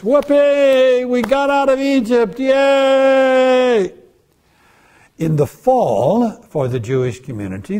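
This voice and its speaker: An older man lectures on scripture, with a husky, slightly breathy voice at an ordinary middle pitch. He tells the story like a storyteller, animated and often jumping into the voices of the people he describes. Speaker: guest lecturer. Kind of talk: bible lecture.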